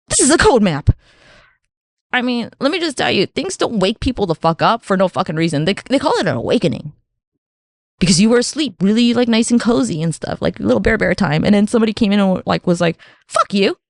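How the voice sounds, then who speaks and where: A woman's voice: creaky, dry recording. A woman talking through a solo podcast in a loose, profane ramble, jumping up into exaggerated voices whenever she quotes someone. Her voice is close and dry, with no room sound at all. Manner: profane, rambling, acts out voices with big pitch jumps. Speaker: podcast host. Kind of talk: casual solo podcast monologue.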